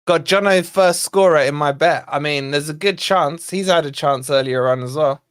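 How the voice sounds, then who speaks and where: A man hosting a live fan watch-along, commentating on play and chatting with viewers, excitable and quick to shout at near misses and fouls. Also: on the high side, smooth. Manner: chatty, talks to viewers and co-host. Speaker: fan channel host.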